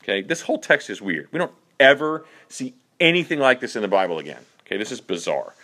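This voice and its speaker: A man's voice: medium pitch, very animated, fast talker, sharp tone. A man leading a group Bible study in a casual way, reading verses and asking the group questions.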